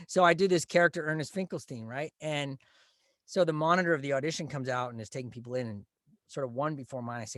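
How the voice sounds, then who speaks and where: A man telling stories in a casual, animated way, with quick bursts of speech. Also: mid-range voice, no echo, clean studio sound. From Canada. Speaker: guest, Broadway actor.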